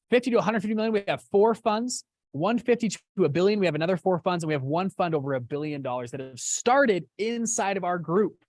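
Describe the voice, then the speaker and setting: Animated young man telling a story. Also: no echo. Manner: animated, acts out quotes with big jumps in pitch. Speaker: fund company founder. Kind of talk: casual storytelling to an online audience.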